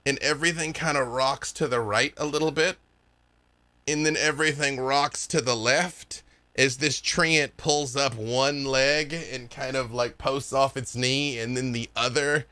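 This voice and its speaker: A man runs a tabletop game as dungeon master, talking in a loose, easygoing way with plenty of fillers. His voice is bright and of middle pitch. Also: fairly even intonation, unhurried. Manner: loose, chatty, many fillers.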